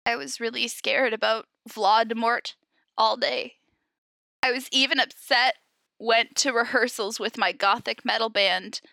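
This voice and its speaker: Giggly high-voiced woman reading aloud. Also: creaky, bright, forceful tone, dry recording. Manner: giggly, breaking into laughter while reading. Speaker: podcast co-host reading fan fiction aloud. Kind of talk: comic dramatic read-aloud.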